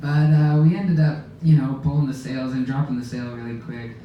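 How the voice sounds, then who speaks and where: A man casually telling an animated sailing story to a live audience aboard a ship, laughing as he goes. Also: mid-range voice, normal speed, lo-fi sound. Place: lounge aboard a ship, indoors. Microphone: phone camera in the audience. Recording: very echoey room, distant mic, faint background noise.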